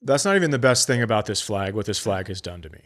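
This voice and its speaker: A man's voice: fairly low pitch, sing-song, quick pace, fairly bright tone. A middle-aged male comedian hosting a podcast, telling a story in profane casual chat and acting out both sides of the conversation.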